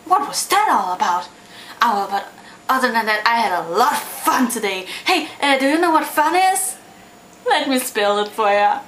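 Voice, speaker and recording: A woman's voice: a little high, very animated, moderate pace, fairly bright tone, roomy sound, slight background noise. A hyper, giggly woman chatting playfully in a silly casual vlog. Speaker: vlogger.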